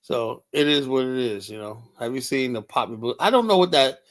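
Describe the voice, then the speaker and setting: Older man hosting a stream, blunt and rambling, cusses a lot, mid-pitched voice. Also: lively intonation, brisk. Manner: rambling, blunt, profane, many "you know" fillers. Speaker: livestream host. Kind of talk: casual livestream talk reading chat.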